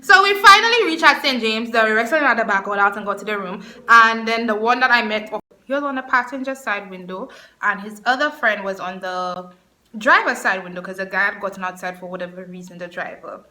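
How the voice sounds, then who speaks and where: A woman in her twenties telling an animated story in a casual vlog. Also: medium pitch, a little fast. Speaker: vlogger.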